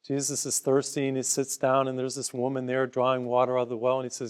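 A man's voice: medium pitch, completely flat delivery, a little fast, few pauses, clean tone. A man delivering a broadcast sermon in a mid-range voice. He talks conversationally, leaning on simple everyday parables, and offers listeners free booklets. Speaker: preacher.

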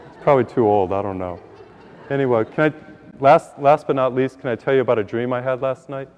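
A man's voice: mid-range voice, fairly quick. A man preaching in a church, telling folksy jokes and stories to his congregation. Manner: folksy storytelling with laughs. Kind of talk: joke-telling sermon. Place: church hall. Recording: dull sound in a reverberant church.

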